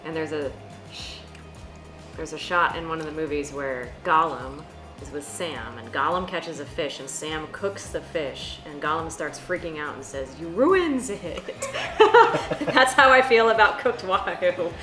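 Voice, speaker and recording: Playful low-voiced woman in an echoey room. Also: moderate pace. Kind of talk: casual family chat. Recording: echoey room with loud music.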